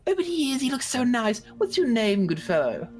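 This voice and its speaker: A man voicing a sweet, doting older woman in a tabletop game, in a high, cooing sing-song voice. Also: sing-song, fairly quick, faint music behind.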